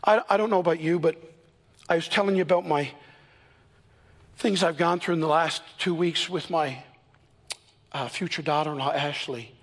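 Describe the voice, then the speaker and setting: A man in his fifties preaches to his congregation, his voice sitting fairly high with a husky edge. He tells stories earnestly, speeding through some stretches and slowing to lean on key words. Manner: earnest storytelling preacher, shifts between quick and slow emphatic delivery. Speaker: pastor. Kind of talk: sermon. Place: church.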